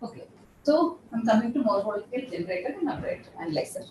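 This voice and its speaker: A woman's voice: fairly high pitch, lively intonation, rapid-fire, noisy background. A woman professor, giving a classroom lecture and patiently repeating terms as she explains. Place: lecture room. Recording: echoey room, voice from far off.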